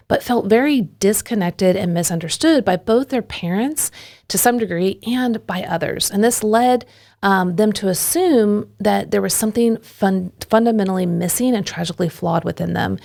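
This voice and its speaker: A woman co-hosting a podcast, explaining in a smooth, steady way. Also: medium pitch. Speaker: podcast co-host.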